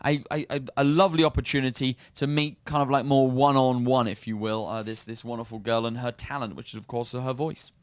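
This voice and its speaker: A man's voice: mid-range voice, fairly even intonation, brisk, hardly any pauses, clear, resonant tone, no echo. A man hosting a morning show on a cruise ship, chatty and upbeat, teasing his guests. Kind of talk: casual chat show.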